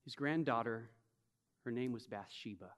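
With a mid-range voice at normal speed, a man preaches as pastor, emphatic and shifting from gentle reflection to loud, pressing bursts while acting out imagined speakers. The sound has a long hall reverb.

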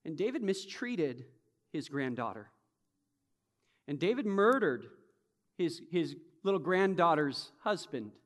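A man preaching a sermon as pastor, emphatic, swinging from soft reflection to loud, urgent bursts and acting out imagined speakers. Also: fairly high pitch, very animated, a little slow, pauses often. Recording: long hall reverb.

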